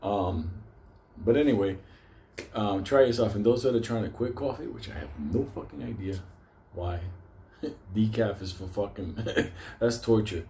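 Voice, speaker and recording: A man's voice: on the low side, unhurried, vocal fry, long pauses, dark tone, a little hiss or hum. A man ranting casually to his viewers, swearing constantly, rambling and laughing often. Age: older. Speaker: stock market video host. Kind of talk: profane casual monologue to viewers.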